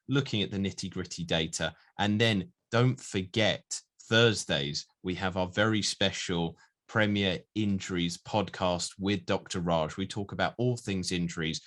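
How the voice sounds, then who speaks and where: Guy with a low voice hosting a football pod, upbeat and chatty. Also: fairly bright tone. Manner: upbeat, laughs easily. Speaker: podcast co-host. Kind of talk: casual football podcast chat.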